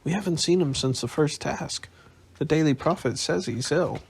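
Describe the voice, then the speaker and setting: A man's voice: fairly high pitch, normal speed, vocal fry, husky, voice pushed up, full character voice. A man voicing a teenage boy who speaks plainly and directly. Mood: curious. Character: curious teenage boy wizard.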